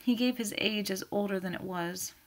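Woman reading proud widow, middle-aged, low restrained tone, gravelly. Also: normal speed, lightly acted.

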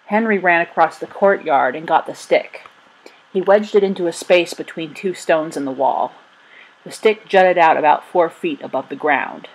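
Husky woman reading a storybook. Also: low voice, normal speed, rough recording. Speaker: narrator. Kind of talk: storybook narration.

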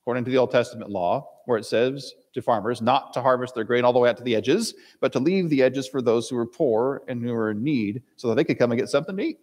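A man's voice: medium pitch, quick pace, hardly any pauses, a little mellow. Man preaching in a reverberant hall. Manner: reads scripture aloud with dramatic voices for the characters. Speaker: pastor. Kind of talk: sermon.

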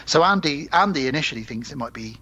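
A man's voice: fairly high pitch, animated, fast, pushed and bright, soft background music. A man co-hosting a podcast, recapping a film plot in a rambling, sweary, casual way. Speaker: podcast co-host. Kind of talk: casual film review chat.

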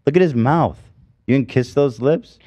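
A man hosting a podcast, loud and joking, mocking his guests in casual banter. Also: medium pitch, moderate pace. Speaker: podcast host.

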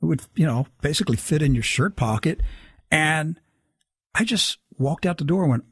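A man's voice: on the high side, moderate pace, slightly rough, dry recording, studio quality. A man telling a long personal story in casual talk, acting out the people he quotes. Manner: animated, acts out quoted dialogue. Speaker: guest storyteller.

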